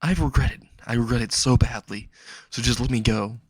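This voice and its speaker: A man's voice: medium pitch, normal speed, slightly rough, dry recording. A man voicing a young woman held captive, who mocks her captor and then begs him. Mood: defiant pleading.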